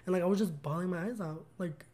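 This podcast co-host is a young man whose high voice moves at a quick clip but stays mellow. Chatting casually, he tells a personal story with earnest enthusiasm, sprinkling in plenty of "like."

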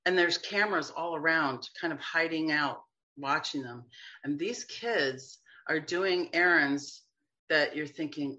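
Chatty woman healer on a podcast, bright voice, bit dull lo-fi sound. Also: low voice, unhurried. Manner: chatty, acts out quoted voices. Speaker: guest energy healer. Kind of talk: casual interview chat.

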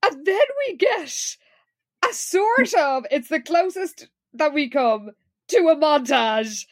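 A woman's voice: sits high, expressive, slow, dry recording. A woman co-hosting a podcast, chatting casually, laughing often and acting out quotes. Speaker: podcast co-host. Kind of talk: casual chat recapping an episode.

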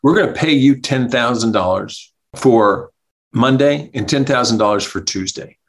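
A man telling a comic anecdote as a podcast guest, animated, acting out the people he quotes and laughing as he goes. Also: medium pitch, normal speed. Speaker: guest storyteller, comedy writer. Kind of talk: casual anecdote.

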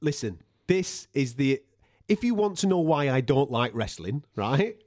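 A man's voice: medium pitch, animated, unhurried, darkish tone, dry recording, studio quality. A man co-hosting a casual sports podcast, ranting animatedly and swearing freely. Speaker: podcast co-host.

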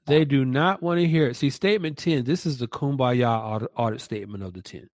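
A man's voice: medium pitch, a little fast, no echo. A man co-hosting a Christian commentary podcast, emphatic and stressing points by repeating words. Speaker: podcast co-host.

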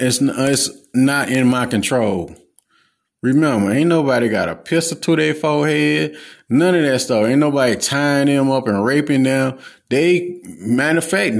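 A man's voice: mid-range voice, vocal fry. A man hosting his own podcast, giving a blunt, profane, lecturing solo rant. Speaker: podcast host.

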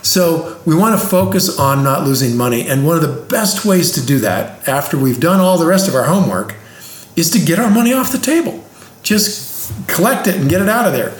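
Homme qui explique l'investissement avec des exemples simples, ton de professeur, pièce qui résonne. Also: male voice, on the high side, lively intonation, moderate pace. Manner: plain-spoken, teacher-like, explains with examples. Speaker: investing expert. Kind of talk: casual explanatory conversation. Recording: roomy echo.

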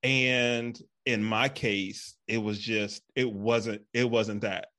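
A man's voice: on the low side, fairly even intonation, slow pace, sharp tone. A man hosting a fitness podcast, chatting casually and rambling with many fillers and restarts. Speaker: podcast host. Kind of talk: casual interview chat.

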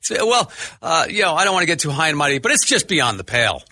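Male radio co-host, laid-back and joking, bright voice with lively pitch. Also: fast talker. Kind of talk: comedic radio banter.

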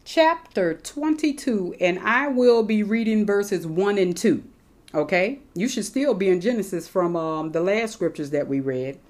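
A middle-aged woman preaching a sermon, reading scripture slowly and with emphasis as she explains it to her congregation. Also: medium pitch, expressive, darkish tone.

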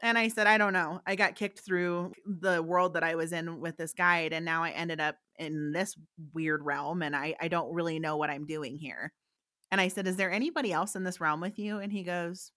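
A woman with a fairly low but bright, forward voice tells a story in an easy, chatty way. She leans on fillers and acts out the lines of the people in it. The sound is dry and close, with no room around it. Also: normal speed, no room sound. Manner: animated, fillers, quotes voices in her stories. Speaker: guest psychic medium. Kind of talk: conversational storytelling.

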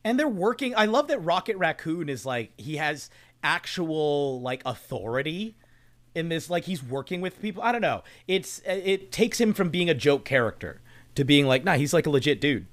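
A man's voice: on the high side, very animated, moderate pace. A man with a slightly raised voice chats through a movie recap on a podcast. He laughs often and strings his thoughts together with "like." It sounds loose and conversational. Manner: chatty, laughing, hedging with "like". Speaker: podcast co-host. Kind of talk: casual movie discussion.

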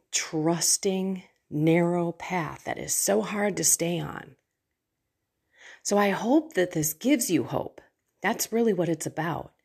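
A woman's voice: lowish voice, gravelly, a little mellow, slightly rough. A woman giving an earnest, heartfelt talk about her faith, speaking as a faith coach from home. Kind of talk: personal faith talk to camera.

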